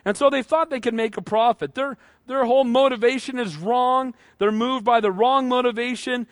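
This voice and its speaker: A man preaching a sermon, acting out the voices of people from the Bible in a lively way. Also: very high voice, moderate pace, dry recording, clean studio sound. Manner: animated, acts out voices of Bible figures. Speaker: pastor.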